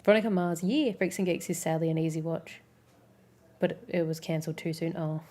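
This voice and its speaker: A woman in her twenties with a Melbourne Australian accent, chatting casually on a stream and reading out viewer comments in a relaxed, rambling way, swearing freely and filling her talk with "like". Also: sits low, fairly quick.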